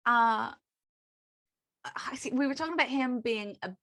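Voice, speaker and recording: A woman's voice: fairly high pitch, unhurried, pushed and bright. A woman hosting an interview over a video call, telling stories animatedly and laughing often. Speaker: podcast host. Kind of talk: casual interview chat.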